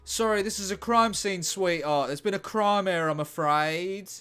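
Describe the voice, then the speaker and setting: A man's voice: sits high, moderate pace, bright, forceful tone, clear, resonant tone, faint music behind, pitched above the performer's own voice. A man voicing a condescending male police constable who talks down politely to a woman detective. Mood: patronizing. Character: patronizing male police constable at a crime scene.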